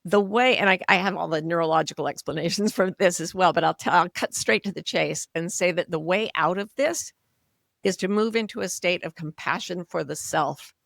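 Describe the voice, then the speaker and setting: A woman in her sixties, an author and coach speaking as a podcast guest, explaining in an earnest, conversational way that softens and slows when she models kind self-talk. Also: lowish voice, creaky, dry recording, studio quality. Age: 60s. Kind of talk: conversational interview.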